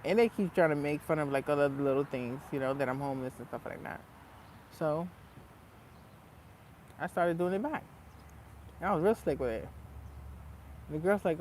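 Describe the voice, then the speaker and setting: A man's voice: a little high, normal speed, long pauses, slight background noise. A man telling a story in a casual, profane rant as a vlogger, breaking into laughs. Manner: animated, profane, laughs between lines.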